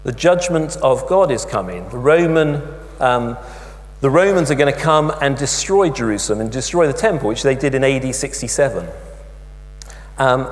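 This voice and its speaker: Animated male preacher in a reverberant hall. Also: medium pitch, moderate pace. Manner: animated storytelling with emphatic asides. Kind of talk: sermon. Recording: long hall reverb with mains hum.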